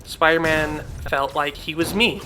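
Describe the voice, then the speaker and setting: A man's voice: on the high side, a little slow, sharp tone. A young man hosting a gaming channel, chatting casually and heartfelt over gameplay, rambling with many fillers.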